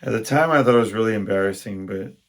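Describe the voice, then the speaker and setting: A man's voice: fairly low pitch, quick pace. A young adult man hosting a casual solo podcast, telling rambling stories and often stopping to restart his sentences. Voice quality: gravelly, husky. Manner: rambling, self-interrupting storyteller. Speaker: podcast host.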